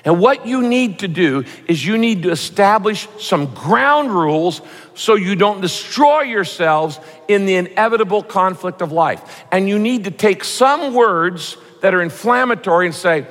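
A pastor preaching a sermon in a conversational, humorous way, sometimes putting on voices to make a point. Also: male voice, high voice, a bit bright. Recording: reverberant hall.

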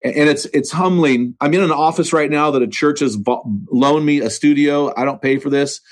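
A man's voice: a little high, moderate pace. An American man, a podcast host and author, talking earnestly and emphatically as an interview guest from a church studio, with frequent restarts. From United States. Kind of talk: conversational interview.

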